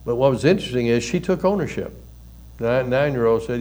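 An older man, a pastor and counselor, giving a conversational sermon with folksy stories and soft chuckles. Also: medium pitch, lively intonation, a little fast.

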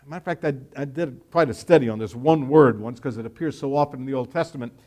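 A man preaching a sermon, reading scripture aloud and explaining it word by word, with emphatic stress that swings between loud and quiet. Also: mid-range voice, fast. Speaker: pastor.

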